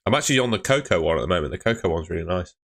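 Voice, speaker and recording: A man's voice: low voice, lively intonation, racing, fairly bright tone. A man hosting a casual live stream, chatting and answering viewers' questions, often calling them mate.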